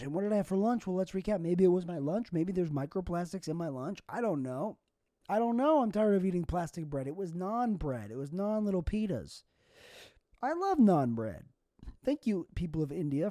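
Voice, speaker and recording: Young dude rambling goofy bits on his podcast, voice jumps around a lot, kinda high. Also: mellow, dry recording, studio quality. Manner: rambling, goofy, absurd tangents. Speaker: podcast host. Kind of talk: comedic solo monologue.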